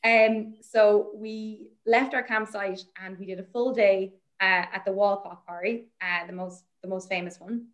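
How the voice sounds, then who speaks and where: A woman's voice: medium pitch, steady tone, a little slow, few pauses. Chatty woman telling a fieldwork story. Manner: chatty and enthusiastic, with frequent fillers and hedges. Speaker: interview guest, fossil researcher. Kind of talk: conversational storytelling.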